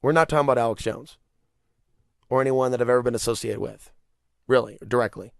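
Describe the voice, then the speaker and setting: A male podcast host delivering a rambling, animated solo rant, swearing freely and breaking into laughter. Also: medium pitch, fast, creaky, no echo, clean studio sound. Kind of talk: casual monologue rant.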